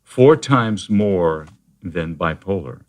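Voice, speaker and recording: A man with a very low, deep voice talks as a therapist being interviewed. He explains things in a measured, steady way, often pausing on fillers and restarting phrases as he goes. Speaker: therapist guest. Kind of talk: conversational interview.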